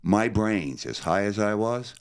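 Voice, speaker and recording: A man's voice: on the low side, a little slow, smooth. An older man from New Jersey telling his story as an interview guest, acting out the voices of the people in it. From New Jersey, USA. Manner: animated, acts out other people's voices. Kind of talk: storytelling in conversation.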